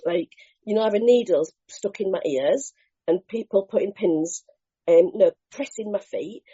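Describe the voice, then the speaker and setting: A woman sharing her recovery story at a meeting, candid and lively, acting out scenes with slang and the odd swear. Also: medium pitch, measured pace, husky. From Bristol, England. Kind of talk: animated personal storytelling. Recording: dull lo-fi meeting recording.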